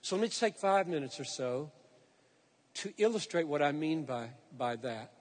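High-voiced preacher in a reverberant hall. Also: male voice, expressive. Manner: emphatic, slows down to stress key phrases; earnest, explaining scripture to listeners. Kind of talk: sermon.

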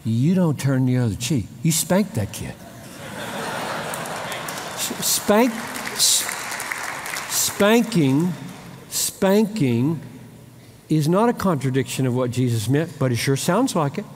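A man's voice: on the high side, big pitch swings, slow, pauses often, big-room sound, a crowd in the background, background noise. A man preaching a sermon. He speaks with emphasis, repeats key phrases, and acts out short exchanges between people. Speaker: pastor.

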